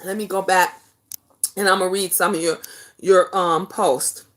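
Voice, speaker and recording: A woman's voice: fairly low pitch, moderate pace. A middle-aged woman hosting a casual chat show, telling stories bluntly and with lots of swearing, and reading viewer comments aloud. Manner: blunt, animated storytelling with profanity. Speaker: talk show host.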